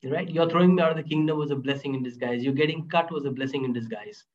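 High-voiced man telling a story. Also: quick pace. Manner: animated, laughs between points. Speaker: guest speaker on inner power. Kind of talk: storytelling interview talk. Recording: dull lo-fi audio.

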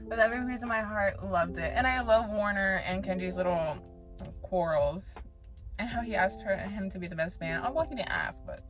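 A woman's voice: mid-range voice, normal speed, lo-fi sound. A woman giving a casual, opinionated spoken book review, chatty and swearing freely. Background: soft background music.

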